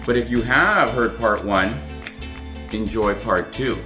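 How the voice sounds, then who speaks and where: A man reads a friendly, upbeat intro announcement for his podcast. His voice sits at a middle pitch, and the room echoes noticeably. Clear music plays underneath him. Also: slow pace. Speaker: podcast host. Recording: echoey with loud music bed.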